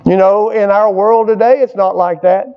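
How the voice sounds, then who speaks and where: A man's voice: high-pitched, fairly even intonation, normal speed, clean tone. An older man preaching a sermon, calling on the congregation for amens and repeating his points for emphasis. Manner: call-and-response preaching, prompting the congregation for amens; repetitive, emphatic phrasing. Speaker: pastor. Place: church service with a responding congregation. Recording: dull lo-fi recording.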